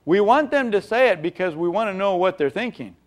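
A man's voice: high-pitched, expressive, fairly quick. A man preaching a sermon in a conversational way, with rhetorical questions and acted-out examples.

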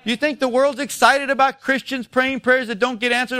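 High, bright-voiced preaching man. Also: little pitch movement, moderate pace, no room sound, clean studio sound. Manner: emphatic, rhetorical questions, swings between loud and soft. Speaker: pastor. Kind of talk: sermon. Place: church.

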